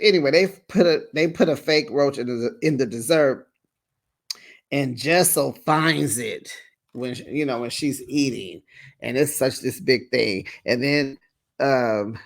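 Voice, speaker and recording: A reality-show recap host talking at an unhurried, drawn-out pace. The tone is chatty and sassy, full of casual asides to the viewers. The voice sits at a middling pitch. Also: creaky.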